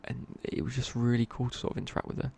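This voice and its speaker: Gravelly whispering man, whispered ASMR chat. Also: mid-range voice, completely flat delivery, fast, darkish tone. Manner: rambling, casual, many fillers and restarts. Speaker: ASMR creator.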